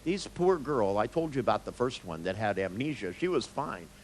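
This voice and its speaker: A man's voice: medium pitch, big pitch swings, moderate pace, a little hiss or hum, poor audio. A man, a therapist, giving a live seminar talk, telling stories with jokes and blunt swearing. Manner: joking, storytelling, blunt, with swearing.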